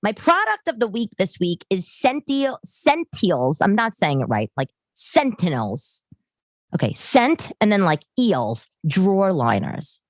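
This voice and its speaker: A woman's voice: mid-range voice, very animated, a little slow, no room sound. A middle-aged woman, hosting a podcast in rambling, chatty, self-deprecating solo talk. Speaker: podcast host. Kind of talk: casual solo chat. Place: living room.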